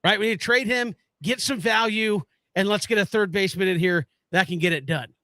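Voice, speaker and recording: Bright, high-voiced sports talk man. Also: a little fast, no room sound. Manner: animated, stumbles and restarts when fired up. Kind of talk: casual sports radio chat.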